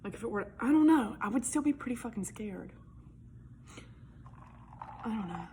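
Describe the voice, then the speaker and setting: A woman's voice: a little high, animated, moderate pace, dark tone, slight background noise. A young woman telling a personal story in a casual, chatty way, full of "like", with whispered asides and free swearing.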